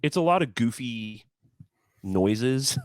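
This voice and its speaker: A man in a casual podcast chat, telling stories as a guest musician, animated and stumbling over repeated words as he talks. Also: mid-range voice, takes it slowly, dry recording.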